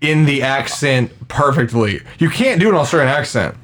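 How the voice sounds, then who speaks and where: A man's voice: medium pitch, lively intonation, normal speed, a bit bright. A man co-hosting a podcast, teasing and laughing often in casual chat. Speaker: podcast co-host.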